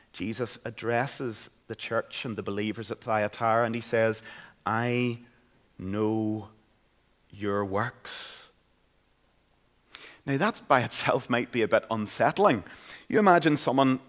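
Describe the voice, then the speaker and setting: A man's voice: mid-range voice, a bit bright. A man with a Northern Irish accent preaching a sermon in a church, in an earnest, conversational way. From Northern Ireland. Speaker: pastor.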